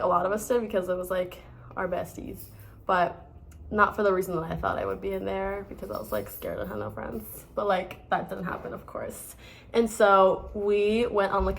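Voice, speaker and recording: A woman's voice: mid-range voice, slight background noise. A young woman from the United States in her twenties, casually telling stories to the camera with lots of fillers and restarts. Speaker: vlogger.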